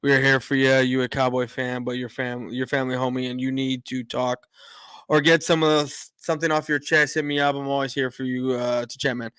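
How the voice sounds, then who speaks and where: Speaking briskly at a medium pitch with a flat delivery, this livestream host has a clean, fairly bright tone. He rambles casually through fillers and restarts, saying hello to people in the chat while sounding openly emotional and slightly choked up. It's studio-quality audio without any room sound.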